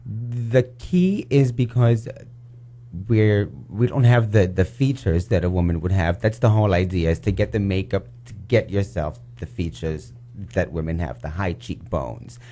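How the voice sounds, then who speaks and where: Brief: low-voiced male drag queen guest, quips and corrections in a radio studio. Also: measured pace, mellow, a little hiss or hum. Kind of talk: casual radio interview chat.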